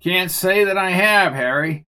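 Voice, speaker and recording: A man reading the lines of a steady, cautious male colleague in a measured tone. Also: sits high, smooth, voice pushed up. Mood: calm reasoning.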